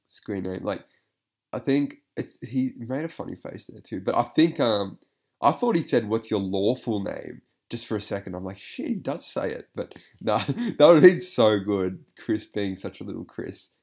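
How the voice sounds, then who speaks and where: A man's voice: fairly low pitch, lively intonation, moderate pace, a little mellow, husky. A man giving casual reaction commentary, rambling with lots of fillers, swearing and frequent laughter.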